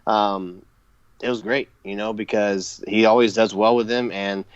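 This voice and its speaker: A man's voice: fairly low pitch, steady tone, measured pace, smooth, dry recording, dull audio. A man co-hosting a podcast, recapping eagerly in casual chat with lots of fillers. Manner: enthusiastic recapping with frequent fillers and laughs. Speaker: podcast co-host.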